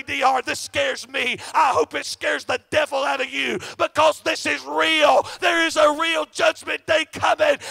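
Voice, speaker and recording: A man preaching a fervent revival sermon for an online audience, swinging between shouted outbursts and hushed, low passages. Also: vocal fry, dry recording.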